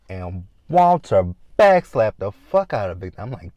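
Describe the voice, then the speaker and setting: Lively man recapping a TV episode. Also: medium pitch, normal speed, few pauses, no room sound. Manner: animated, swears freely, many "right?" tags and quoted reactions. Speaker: TV recap vlogger.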